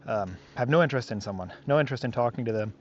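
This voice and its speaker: A man's voice: medium pitch, animated, racing, highs cut off, slight background noise. A man working as a dog trainer, talking casually to the camera on an outdoor walk, rambling and reflective with many fillers.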